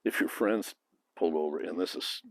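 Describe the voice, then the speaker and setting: Very deep, husky-voiced blunt man. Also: moderate pace, no echo. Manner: blunt and frank, with occasional profanity. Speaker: former police officer giving advice. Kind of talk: casual advice monologue.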